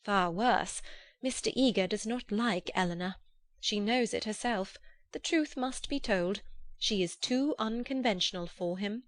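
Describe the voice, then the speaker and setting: Prim, fretful older chaperone, gently reproving, a touch higher pitched, dry close sound, as a woman narrator voices her. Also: unhurried, dry recording, natural voice. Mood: confiding. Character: fussy, prim older English cousin and chaperone. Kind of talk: audiobook character reading.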